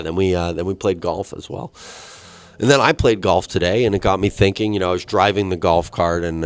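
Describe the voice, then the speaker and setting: A young man hosting a casual solo podcast, telling a rambling, profane story and jumping into high, excited quoted voices. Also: clean tone. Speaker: podcast host.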